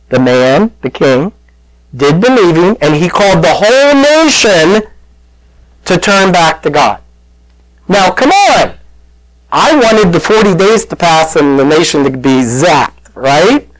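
A man's voice: sits high, unhurried, pauses often, no room sound, rough recording. A man preaching a sermon to his congregation, telling the story conversationally and calling out to the listeners. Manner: conversational, animated storytelling with audience call-outs. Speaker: pastor.

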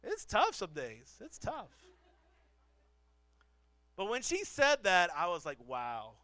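A man's voice: high voice, wildly swooping pitch, slow, pushed and bright, no echo. A man preaching a sermon as the pastor, telling a family story with self-deprecating humor and repeating phrases for emphasis. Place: church pulpit.

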